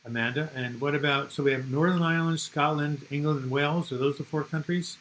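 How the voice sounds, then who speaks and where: A man's voice: on the high side, fairly even intonation, a little fast, a bit bright, a little hiss or hum, poor audio. An older man from the United States hosting a casual live chat, rambling and reading viewer comments aloud.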